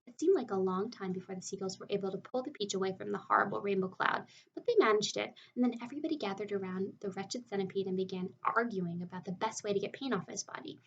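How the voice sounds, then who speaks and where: A woman narrating a children's novel aloud with expressive storytelling. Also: mid-range voice, quick pace, few pauses, distant mic, highs cut off, slight background noise. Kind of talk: audiobook reading of a children's novel.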